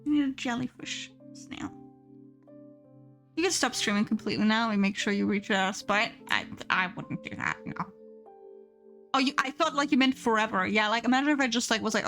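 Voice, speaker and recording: A playful, giggly woman with a fairly high voice, chatting casually with her live-stream audience and reading out their messages. Soft music plays faintly behind her at her desk setup. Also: lively intonation, a little fast. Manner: giggly, playful, reads chat aloud.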